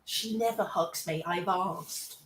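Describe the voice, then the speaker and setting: A woman's voice: fairly low pitch, slow pace, reverberant, recorded from a distance, a crowd in the background. A woman playing in a tabletop game, describing her moves in a hesitant way with lots of fillers. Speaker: player. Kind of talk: casual chat at a game table.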